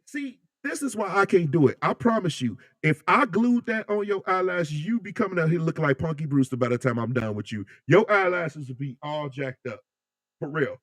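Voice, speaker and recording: A man hosting a casual live chat, animated and joking as he reads comments and talks with his viewers. His voice sits a bit high for a man, and his delivery swings between loud bursts and quiet asides. The sound is close and dry. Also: brisk, hardly any pauses, no room sound. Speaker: livestream host.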